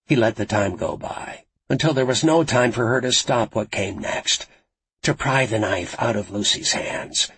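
A man reading a suspense novel aloud as narrator, dramatic and suspenseful in a gravelly voice. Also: fairly low pitch, expressive, a little slow, fairly bright tone, low-quality recording. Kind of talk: scripted audiobook narration.

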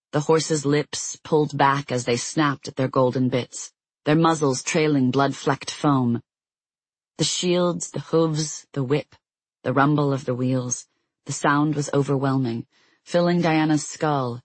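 An audiobook narrator reading a fantasy novel in a steady, measured storytelling voice on a close mic. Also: mid-range voice, dry recording, low-quality recording.

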